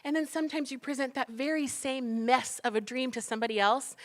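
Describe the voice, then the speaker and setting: A woman's voice: sits high, a little fast. A woman giving a motivational talk, telling her story animatedly and acting out the dialogue with laughs. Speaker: cookbook author and speaker.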